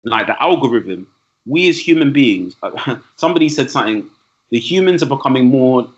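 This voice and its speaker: A man with a mid-range, animated voice speaks at a moderate pace as a guest on a podcast. As a teacher and trainer, he explains things conversationally using lists and asides, and the lo-fi sound is dull.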